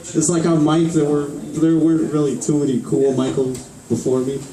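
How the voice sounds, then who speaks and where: A man's voice: a little high, mellow. A man in his twenties doing a rambling, profane stand-up set at an open mic, chuckling at his own jokes. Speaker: stand-up comedian. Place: small bar open mic. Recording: echoey room, far mic, crowd laughter. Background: audience laughing.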